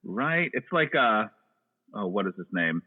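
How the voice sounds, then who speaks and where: A man's voice: fairly low pitch, very animated, measured pace, slightly rough. A man chatting casually about movies, rambling and joking with lots of restarts. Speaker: podcast guest. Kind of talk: casual chat. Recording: tinny phone-like line.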